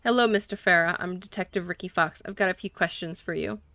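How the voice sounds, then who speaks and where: A woman's voice: lowish voice, fast talker, bright, forceful tone, no echo. A woman voicing a persistent male detective who asks blunt questions. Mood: probing.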